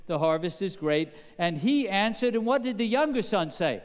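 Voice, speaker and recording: A man preaching a sermon, posing questions to the congregation in an animated, emphatic way. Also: high-pitched, normal speed, few pauses, in a large hall. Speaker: pastor.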